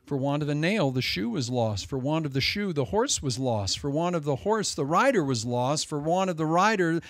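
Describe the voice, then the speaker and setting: A man preaches with a fairly high voice, his lines rising to loud emphasis and then dropping to hushed asides. The sound is dry and close, with no room around it. He speaks as a pastor delivering a Sunday sermon. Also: expressive, moderate pace, no echo.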